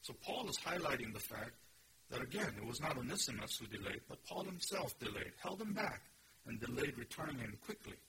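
A man's voice: mid-range voice, big pitch swings, brisk, noisy background. A man preaching a sermon, teaching earnestly and emphatically and asking his listeners questions. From Korea. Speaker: pastor. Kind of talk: expository sermon.

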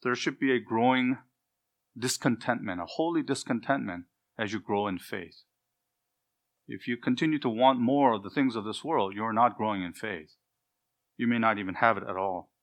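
A man's voice: mid-range voice, moderate pace. A middle-aged man preaching an expository sermon, earnest and emphatic, building his points in repeated lists.

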